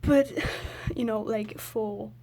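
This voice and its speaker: A woman's voice: fairly high pitch, fairly even intonation, slow, dark tone. A woman telling a story in a casual, rambling voice-over, filling her talk with "like" and giggling often. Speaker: video creator.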